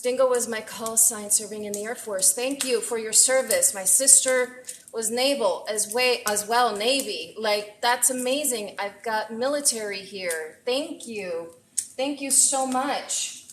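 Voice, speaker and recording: A woman chef hosting a casual live cooking stream, chatty and excitable as she greets viewers from her kitchen. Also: a little high, measured pace, slight background noise, low-quality recording. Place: home kitchen. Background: faint frying and sizzling.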